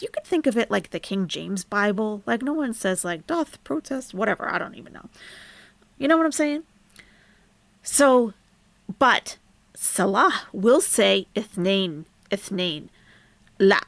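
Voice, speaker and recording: A woman leads a live online language lesson, going slowly and repeating each word so learners can follow. Her voice has a gravelly edge, and the close mic sounds dry with no room echo. She greets viewers as she goes and sometimes drops to a soft whisper. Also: mid-range voice. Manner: drops to a soft whisper while fiddling with the screen. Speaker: Arabic teacher on a live stream.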